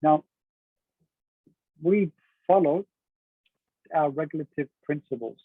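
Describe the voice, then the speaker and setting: A man with a fairly high voice teaches a class on a devotional text conversationally, questioning his students and laughing often. He speaks slowly with a breathy edge. The recording has no echo and sounds dry and narrow, like a phone.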